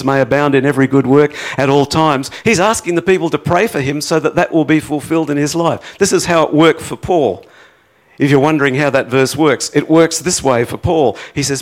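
A man preaching a sermon, rising to impassioned pleading peaks and then dropping to a quiet, reflective tone. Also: mid-range voice. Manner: acts out prayers in a pleading voice.

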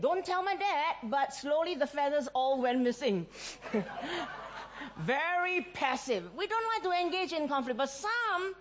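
Animated woman preaching with a higher voice. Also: slight background noise. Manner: animated storytelling, acts out quoted voices, laughs often. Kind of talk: sermon.

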